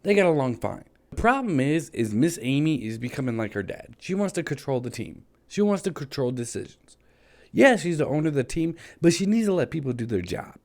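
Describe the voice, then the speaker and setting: A man's voice: on the high side, sing-song, brisk, a little mellow. A man delivering a passionate, frustrated solo opinion rant as a sports vlogger, hammering his points with repetition.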